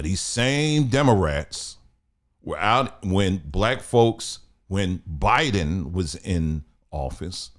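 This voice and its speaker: A man hosts live news commentary, talking straight to his viewers. He sounds exasperated and often repeats himself. His voice sits fairly low. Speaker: host.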